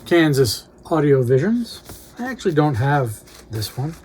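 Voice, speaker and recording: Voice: medium pitch, big pitch swings, a little slow, a little mellow, slight background noise. A record collector casually talking through an unboxing, reading out record titles with brief remarks on each.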